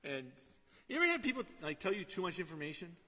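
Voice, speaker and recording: A middle-aged pastor preaches a conversational sermon in a large hall, often asking "right?" and sinking into a quiet storytelling tone. His voice is high, very animated, and fast.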